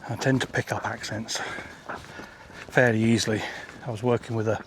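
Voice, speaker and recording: A man's voice: fairly low pitch, flat delivery, moderate pace, background noise. A man vlogging outdoors on a countryside hike, chatting casually with dry, self-deprecating asides while slightly out of breath. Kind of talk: casual hiking vlog.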